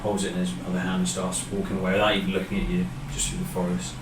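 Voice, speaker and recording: Man, game master, lowish voice, halting narration, echoey room, mic set back. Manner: relaxed, halting narration with many fillers. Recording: echoey room, distant mic, background noise.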